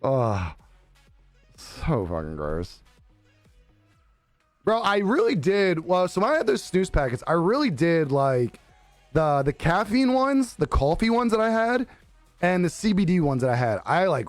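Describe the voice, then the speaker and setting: A man's voice: on the high side, very animated, unhurried, no room sound, faint music behind. Laid-back young man livestreaming, swears a lot. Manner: laid-back, profane, laughs often. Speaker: live streamer. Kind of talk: casual chat reading viewer comments.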